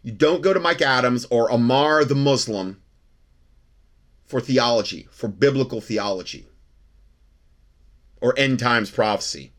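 A man's voice: medium pitch, a bit bright. A man hosting a religious commentary show, talking in an emphatic, repetitive, argumentative monologue.

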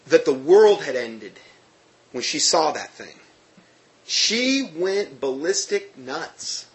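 Male storyteller, slightly high voice, emphatic personal testimony, restarts mid-sentence. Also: slow. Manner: animated, emphatic, with frequent restarts.

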